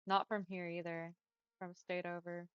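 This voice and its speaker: A woman's voice: fairly low pitch, flat delivery, moderate pace, a bit bright, clear, resonant tone, dry recording, lo-fi sound. A young woman with a Texan accent chatting casually with her viewers while she streams a game, saying "y'all" and "like" a lot. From Texas. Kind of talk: casual chat while gaming.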